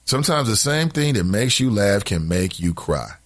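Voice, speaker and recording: A man's voice: on the low side, normal speed. A man hosting a talk radio show, reading out listener comments and ranting emphatically about them in a casual way. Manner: animated, emphatic, preachy rants.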